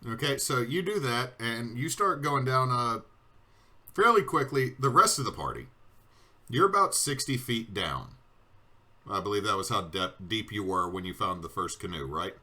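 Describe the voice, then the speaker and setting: A man's voice: medium pitch, animated, normal speed, bright, forceful tone. A man narrating a tabletop game as game master over online voice chat, chatty and prone to digressions.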